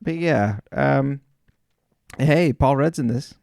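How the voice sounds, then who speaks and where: A man's voice: medium pitch, slow, vocal fry, darkish tone, no echo, studio quality. Laid-back man co-hosting a podcast. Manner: rambling, laid-back, many fillers. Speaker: podcast co-host. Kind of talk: casual chat.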